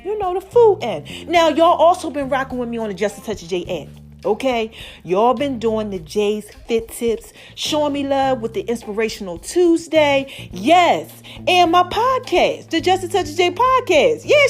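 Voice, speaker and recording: A middle-aged woman hosting her own podcast, talking to listeners in an animated, chatty way. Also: high voice. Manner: animated, chatty, calls listeners y'all and baby. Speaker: podcast host. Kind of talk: casual podcast monologue.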